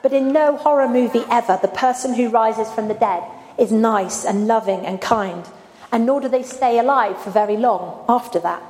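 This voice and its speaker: Woman preacher, higher voice, chatty sermon, long church reverb. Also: moderate pace, a little mellow. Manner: conversational, asks the congregation questions. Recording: echoey church hall with faint ambience.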